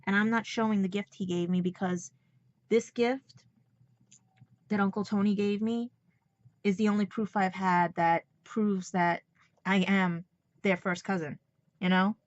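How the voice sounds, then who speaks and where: A woman's voice: medium pitch, steady tone, a little slow, long pauses, no room sound, muffled recording. A woman with a New York accent talking emotionally in a rambling personal vlog, holding back tears. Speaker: vlogger.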